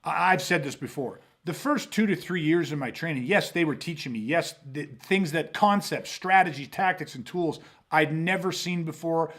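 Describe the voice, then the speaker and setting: Man, podcast host, casual self-defense talk, animated, swears a lot, fairly high voice. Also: normal speed, few pauses. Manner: animated storytelling with lots of cursing and restarts.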